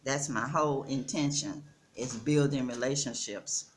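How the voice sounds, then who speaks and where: A woman in her sixties from Texas talks slowly and earnestly to her vlog viewers, calling them y'all, in a casual chat recorded outdoors in the Gambia. Her voice rumbles low, with a little hiss or hum in the background.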